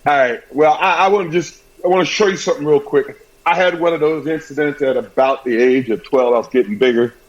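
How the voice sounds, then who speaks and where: A man from the American South hosting a sports talk show, telling stories in an energetic, jokey way. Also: a little high, a little fast, dull audio. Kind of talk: casual talk show chat.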